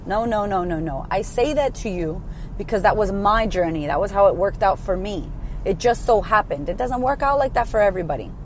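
A woman in her thirties, a life coach, telling her story in a blunt, sweary, animated way. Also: mid-range voice, brisk, slight background noise. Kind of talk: casual storytelling to camera.

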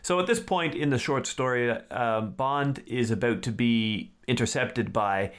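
A man hosting a podcast, chatting casually and reading a story aloud in a steady, measured way. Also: mid-range voice. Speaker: podcast host.

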